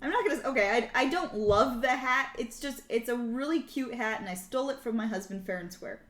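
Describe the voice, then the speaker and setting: A woman's voice: a little high, lively intonation, brisk, a bit bright. A young woman streaming a casual language lesson, chatty and rambling, laughing often between points. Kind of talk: casual live-stream chat. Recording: roomy echo.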